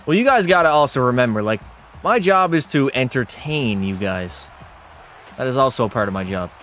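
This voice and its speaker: During a live hockey video game stream, a man gives excited, commentator-style calls and swaps banter and swear words with his chat. His voice is medium-pitched and moderately paced, with faint music in the background.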